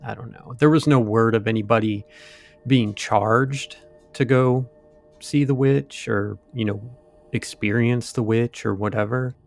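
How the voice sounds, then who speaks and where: A man with a gravelly, creaky voice tells a ghost story in a casual podcast chat. He rambles, drops in asides and fillers, and his pitch sits in the middle range. Faint music plays beneath him. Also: fairly even intonation, measured pace. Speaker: podcast co-host.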